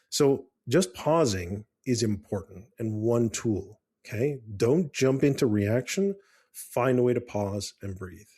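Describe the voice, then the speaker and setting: A man's voice: medium pitch, darkish tone, breathy edge. A man co-hosting a casual parenting advice chat, talking earnestly with frequent restarts and fillers. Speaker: podcast co-host.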